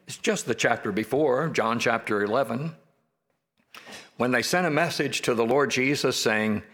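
A man preaching a sermon, earnest and measured, slowing down to stress each scripture quote. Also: mid-range voice, a bit bright.

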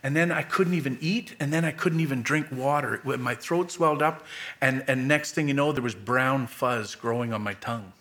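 A man's voice: medium pitch, moderate pace, a bit bright. A middle-aged man preaching a sermon, reading scripture aloud with dramatic lifts for quoted lines and adding plain asides.

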